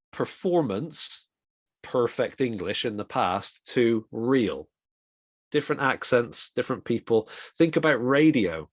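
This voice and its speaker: A middle-aged man giving an informal, reflective talk on communication for ministry, with quick asides. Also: mid-range voice, dry recording, clean studio sound. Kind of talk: conversational talk.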